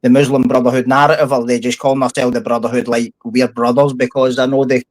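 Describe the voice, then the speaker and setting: A man's voice: medium pitch, level tone, fast talker, no room sound, low-quality recording. Middle-aged Scottish man, blunt, heated talker, dry close mic. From Scotland. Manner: blunt, sweary, heated storytelling. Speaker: podcast guest, former prisoner. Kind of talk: casual podcast chat.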